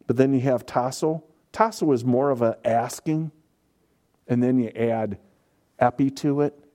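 A man's voice: mid-range voice, dark tone. A man preaching a sermon, explaining scripture and pressing points home with emphatic, repeated words. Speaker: pastor.

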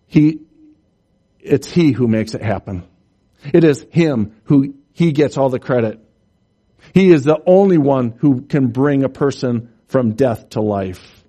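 A man preaching a sermon, explaining scripture slowly and emphatically, rising in pitch and force at key points. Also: dark tone. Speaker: pastor.

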